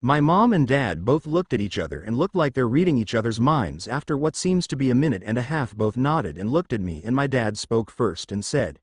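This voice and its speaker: A man narrating a fan fiction story in first person, with expressive delivery. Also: mid-range voice, a little fast, hardly any pauses, breathy edge, no echo, clean studio sound.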